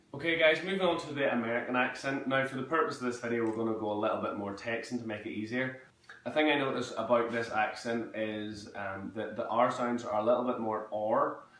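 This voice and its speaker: Young male drama teacher in an echoey room. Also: on the low side. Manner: relaxed, with many ums, demonstrating sounds. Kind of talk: online accent lesson. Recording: echoey room, mic at a distance.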